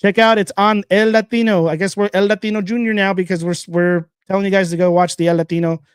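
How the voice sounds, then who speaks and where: A man hosting a casual solo podcast, talking bluntly and rambling with repeated phrases between sponsor shout-outs. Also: high voice, level tone, fast talker, clean tone, no room sound, studio quality. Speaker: podcast host.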